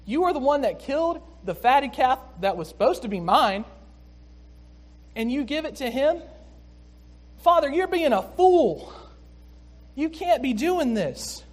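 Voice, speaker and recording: A preacher voicing a resentful older brother who protests loudly against his father. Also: high-pitched, normal speed, hardly any pauses, voice pushed up. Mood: indignant. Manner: raised, protesting outburst. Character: indignant older brother, young man, resentful.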